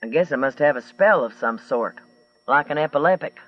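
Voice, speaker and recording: A man's voice: fairly high pitch, lively intonation, fairly quick, dull audio. List: drawling tough woman trucker put on by a male narrator, twangy, profane, blunt, distant mic. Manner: blunt, profane, matter-of-fact.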